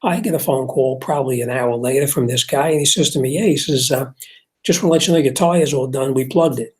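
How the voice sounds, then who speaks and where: An older man hosts a casual talk show, telling a long shop story at an even mid pitch. He rambles with restarts and acts out both sides of the argument as he goes. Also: brisk. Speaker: car repair shop owner and show host.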